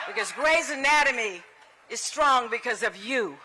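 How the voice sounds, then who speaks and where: A woman giving a public tribute speech at an outdoor ceremony, telling stories in an animated way and acting out the people she quotes. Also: a little high, moderate pace, noisy background. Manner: animated storytelling, acts out quoted voices.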